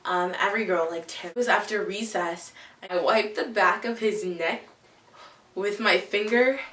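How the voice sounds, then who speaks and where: A woman's voice: mid-range voice, normal speed, a bit bright, recorded from a distance. A girl in her late teens, vlogging casual stories to camera in a rambling way, full of "like" and "um". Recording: echoey room, mic set back.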